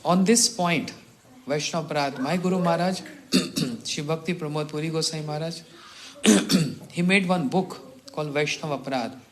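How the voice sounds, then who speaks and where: Monk with a higher voice, chuckling. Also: male voice, moderate pace, pauses often. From India. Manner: chuckles often, clears throat. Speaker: monk teacher. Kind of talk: storytelling morning talk.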